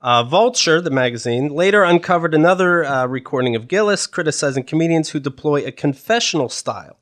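A man co-hosts a podcast in loose, casual chat. His pitch swings freely from low to high, and his tone stays sardonic while he reads out news snippets. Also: animated, fairly quick, a bit bright. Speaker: podcast co-host.

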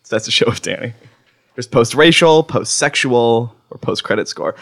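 A man's voice: mid-range voice, lively intonation, normal speed, creaky, fairly bright tone. A man hosting a comedy podcast, joking and laughing through bits. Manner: goofy, laughing, joke-telling. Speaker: podcast host.

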